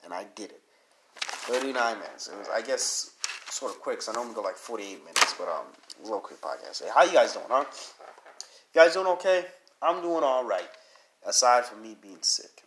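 A man's voice: medium pitch, expressive, normal speed, background noise. A man hosting his own podcast while sick with a cold, talking casually in a rambling, earnest and encouraging way with many fillers. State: sick with a cold, needs to blow his nose. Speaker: podcast host. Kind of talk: casual solo podcast talk.

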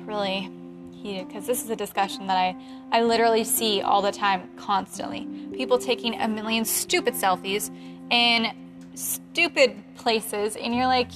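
A woman in her late twenties, a photographer, chatting casually in an animated, heated way and laughing often. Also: a little high, moderate pace, music in the background. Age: 20s. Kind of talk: casual chat.

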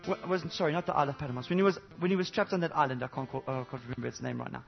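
A man preaching a sermon to a congregation, animated, swinging between loud exclamations and low intimate asides, with many rhetorical questions. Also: rapid-fire, gravelly, lo-fi sound, faint music behind. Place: church service before a congregation.

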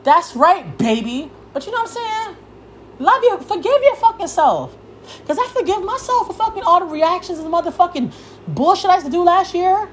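Heated high-pitched young woman ranting. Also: animated, moderate pace, slight background noise. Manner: heated, cursing freely, yelling at times. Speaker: podcast host. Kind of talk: profane rant.

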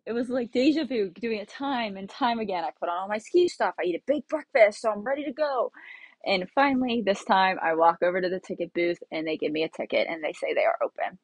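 A woman's voice: medium pitch, dry recording. A young woman casually telling a travel story, chatty and laughing often as she acts out what she said. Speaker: travel vlogger.

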